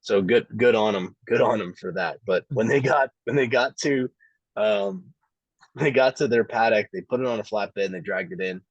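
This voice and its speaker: A man's voice: on the low side, normal speed, no room sound, highs cut off. A man co-hosting a podcast in casual chat, telling stories with repeated words and fillers. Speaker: podcast co-host.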